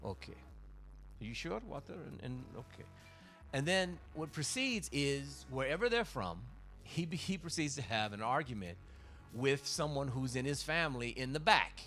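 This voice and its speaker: A man speaking at a middle pitch, a comedian riffing through a casual livestream monologue. He talks with force and swears freely. He circles back and restarts his thoughts as he goes, over faint background music. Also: animated, normal speed, fairly bright tone. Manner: profane, emphatic, rambling with restarts.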